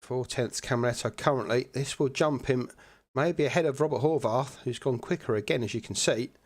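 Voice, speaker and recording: A man's voice: mid-range voice, fairly quick. Chatty sim racing commentator, a man. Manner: chatty, relaxed, many fillers. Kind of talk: live race commentary.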